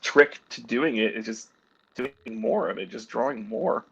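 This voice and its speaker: A man's voice: mid-range voice, animated, normal speed, gravelly, fairly bright tone, breathy edge. Casual guest: a man from New Jersey, joking and easygoing, trailing into fillers. Sounds like a muffled video call. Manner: laid-back, jokey, trails off with fillers. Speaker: guest comic artist. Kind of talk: casual chat.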